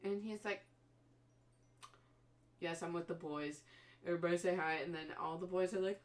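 A woman with a lowish voice, at moderate pace and recorded on a distant mic, casually retells a horror film's plot. She swears freely and mimics the characters' voices in animated storytelling.

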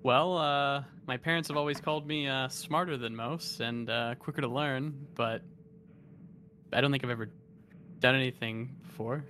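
A shy young peasant boy, as a player puts him on, hesitant and stammering. The voice is bright and forceful even as he falters over his words. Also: mid-range voice, normal speed, slight background noise, close to an everyday voice. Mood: unsure.

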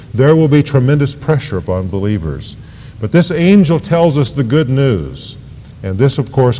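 A man's voice: medium pitch, dark tone. Man preaching in a reverberant church. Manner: preaching with rising emphasis on scripture readings. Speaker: pastor. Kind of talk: sermon. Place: church sanctuary. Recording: long hall reverb, church sanctuary.

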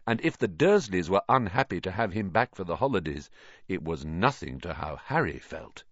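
A man reading a children's novel aloud as an audiobook narrator, with an expressive storytelling delivery. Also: sits low, normal speed, no room sound, muffled recording. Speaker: audiobook reader.

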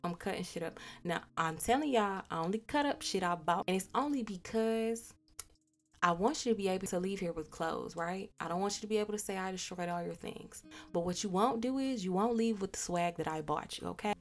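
A woman's voice: mid-range voice, a little fast, faint music behind. A young woman hosting a podcast, candidly retelling a personal story with profanity and acted-out dialogue. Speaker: podcast host.

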